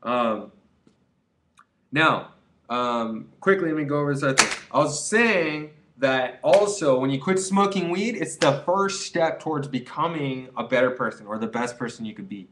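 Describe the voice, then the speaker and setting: A man's voice: medium pitch, lively intonation, moderate pace, noisy background. A young man talking straight to camera in a loose, rambling monologue, earnest and full of fillers. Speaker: vlogger. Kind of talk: casual to-camera advice monologue.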